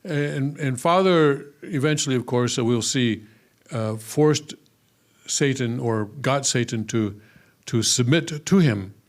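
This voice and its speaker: A man's voice: mid-range voice, slow pace. Man, religious teacher, scripture lesson, casual asides, hesitant, many fillers.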